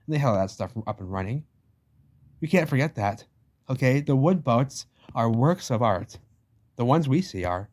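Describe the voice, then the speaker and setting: A man's voice: medium pitch, animated, moderate pace, darkish tone. Man ranting emphatically over book pictures. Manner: emphatic, repetitive, swears casually; slangy, addresses listener as "baby". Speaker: channel host.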